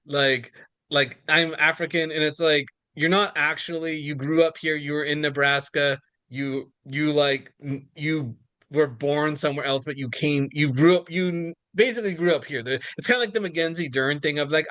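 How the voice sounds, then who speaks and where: A man's voice: fairly high pitch, a bit bright, no room sound. A man co-hosting a sports podcast in casual chat, rambling and filling with "like" and "you know". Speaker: podcast co-host.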